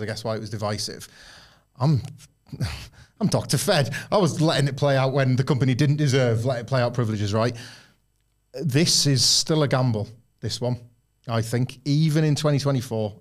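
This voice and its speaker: A man co-hosting a wrestling podcast, talking in a loose, rambling way, breaking off mid-thought and acting out quoted lines. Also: medium pitch. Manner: rambling, self-interrupting, acts out quotes. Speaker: podcast co-host. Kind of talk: casual podcast chat.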